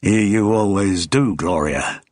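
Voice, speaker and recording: A man's voice: fairly low pitch, slow pace, darkish tone, dry recording, studio quality. A man reading an audiobook, voicing a cautious, affable American actor. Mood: guarded. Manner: cautious, guarded. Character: wary American TV star man, affably humble.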